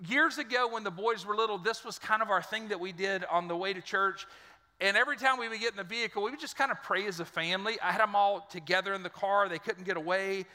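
A middle-aged man preaching to his church in a high, very bright voice. He tells folksy, joking stories as he builds toward his point. His words trail off in the long reverb of a large church hall. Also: fast. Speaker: pastor. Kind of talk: sermon. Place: church auditorium.

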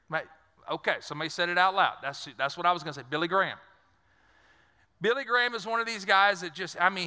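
A middle-aged man from south Louisiana preaching a sermon, with a folksy, conversational delivery and quick asides, heard in a church hall. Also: high voice, bright, forceful tone. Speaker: pastor. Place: church sanctuary. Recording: long reverb of a large church hall.

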